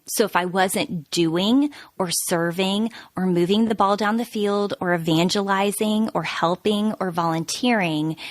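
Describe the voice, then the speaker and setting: A woman in her thirties, a podcast guest, telling her story in an earnest, confessional, animated way. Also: on the low side, dry recording. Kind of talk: candid personal storytelling.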